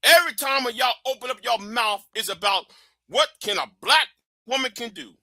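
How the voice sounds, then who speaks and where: Guy ranting on his stream, high bright voice, blunt and swearing a lot. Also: lively intonation, moderate pace, dry recording. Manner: blunt, profane and emphatic. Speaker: livestream host. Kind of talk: heated commentary rant.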